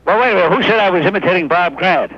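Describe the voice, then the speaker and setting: A man calling a radio show by phone, ribbing the host in a dry, deadpan way. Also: high voice, racing, no room sound, lo-fi sound. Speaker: caller, fellow radio host. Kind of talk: phone call-in banter. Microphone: telephone.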